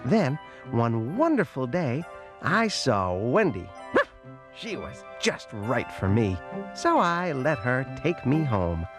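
A lively little puppy, as a man reads him. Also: mid-range voice, slow pace. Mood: warm storytelling. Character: lonely young male puppy telling his own story. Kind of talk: storybook reading. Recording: loud music playing behind.

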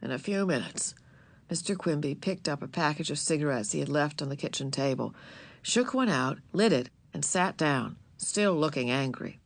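Woman with a low voice reading a children's book. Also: gravelly. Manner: expressive storytelling, gentle and measured. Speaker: narrator.

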